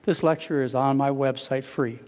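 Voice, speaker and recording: A man giving a live lecture as a physician, telling stories with animated quotes and asides to the audience. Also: medium pitch, normal speed. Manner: animated storytelling, quotes others with raised voice. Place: lecture hall. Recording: long reverb of a lecture hall.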